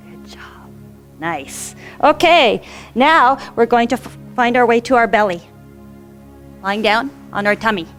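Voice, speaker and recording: A woman instructor gently guiding children through a yoga class with encouraging, sing-song cues. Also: on the high side, moderate pace, faint music behind.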